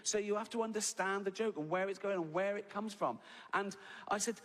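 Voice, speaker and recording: On a theatre stage, a man with a high-sitting voice does stand-up at a fairly quick clip, talking conversationally and constantly tagging his lines with "right?" The recording has live theatre reverb and audience noise.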